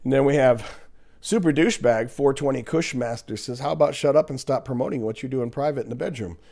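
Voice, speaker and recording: A man's voice: mid-range voice, fast talker, gravelly, mellow. A man hosting a casual livestream, reading viewer comments aloud and answering them in a blunt, profane, sarcastic way, often laughing at commenters.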